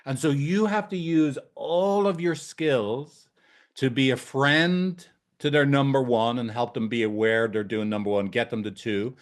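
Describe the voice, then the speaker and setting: A man's voice: medium pitch, unhurried. A male couples therapist giving a casual training talk in a room with a whiteboard. He is blunt and swears freely. He checks in with his listeners again and again.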